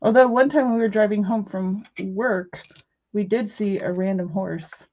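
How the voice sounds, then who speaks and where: A chatty woman hosts a crafting livestream from her country home, joking and giggling with viewers as she works. Her voice sits at a middle pitch, and the audio is a little dull and lo-fi. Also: moderate pace, mellow. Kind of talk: casual livestream chat while crafting. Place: rural home.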